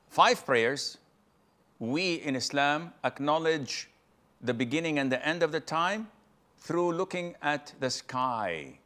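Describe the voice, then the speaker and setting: Male scholar answering a q, calm n steady, walks thru it step by step, middle pitch voice. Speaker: Islamic scholar answering questions. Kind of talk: religious Q&A explanation.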